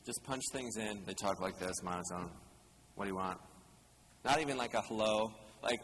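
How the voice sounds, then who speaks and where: A man preaching a conversational sermon as a pastor, casual and joking, asking the congregation questions. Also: mid-range voice. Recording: long hall reverb, faint ambient noise.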